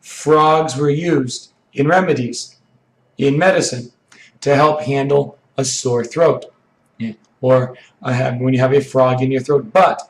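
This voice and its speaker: Hoarse man teaching English idioms. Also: mid-range voice, echoey room, low-quality recording. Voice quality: froggy, rough throat. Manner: slow, explanatory teaching with frequent "okay". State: hoarse from allergies. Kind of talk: idiom lesson for learners.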